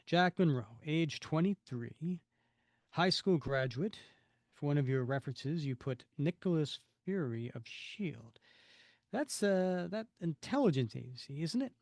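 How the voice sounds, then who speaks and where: A man's voice: fairly high pitch, lively intonation, measured pace, vocal fry, darkish tone, dry recording. A man voicing a formal, fatherly, middle-aged male store manager in a comic book reading.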